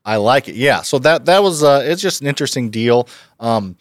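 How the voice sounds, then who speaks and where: Male podcast co-host, mid-pitched, loose and self-deprecating, dry close-mic sound. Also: lively intonation, fairly quick, no room sound. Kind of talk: casual chat.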